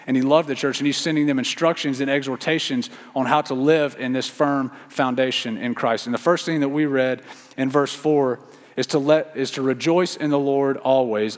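A man delivering a sermon as pastor, earnest and repeating key phrases for emphasis. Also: medium pitch. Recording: long reverb of a church hall.

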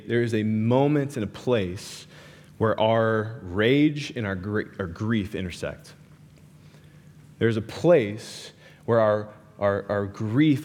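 A young man preaching a sermon, talking casually and animatedly, with lots of "like" and "right" as he tells stories. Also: lowish voice. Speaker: pastor. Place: large hall with a live audience. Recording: hall reverb.

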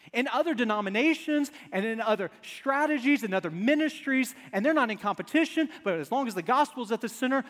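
A male pastor preaching a sermon to his congregation, telling stories with humor and swinging from quiet asides to loud emphasis. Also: sits high. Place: church sanctuary before a congregation. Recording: long reverb of a large church hall.

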